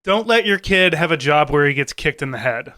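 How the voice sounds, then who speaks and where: A man's voice: a little high, lively intonation, fairly quick, sharp tone, dry recording, studio quality. A man co-hosting a podcast, chatting casually with wry, joking asides. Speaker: podcast co-host. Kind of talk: casual chat.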